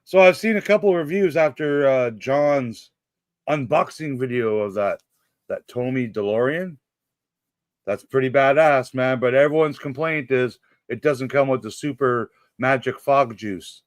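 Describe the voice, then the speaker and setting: A man hosts a casual after-show chat at an ordinary middle pitch. He keeps things easygoing and laughs often, with his voice sounding dry and close, without room echo. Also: unhurried. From Canada. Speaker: show host.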